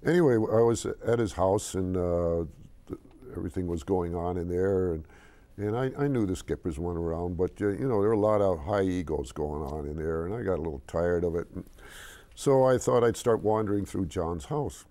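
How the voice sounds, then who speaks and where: A low, gravelly older man tells a long story in a TV interview. His voice is dark and mellow. He stumbles and restarts, then acts out the voices of the people in it. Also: fairly quick. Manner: animated storyteller, hesitant with restarts. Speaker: interview guest, company chairman.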